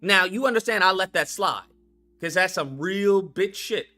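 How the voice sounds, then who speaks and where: A man's voice: sits high, lively intonation, normal speed, bright, forceful tone, faint music behind. A man hosting a live stream, ranting in a heated, mocking and profane way, taunting a viewer to call in.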